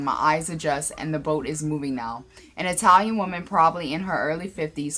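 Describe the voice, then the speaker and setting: Low-voiced woman reading a spooky first-person story, trips over words now and then. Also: a bit bright. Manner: reads aloud with small slips and restarts.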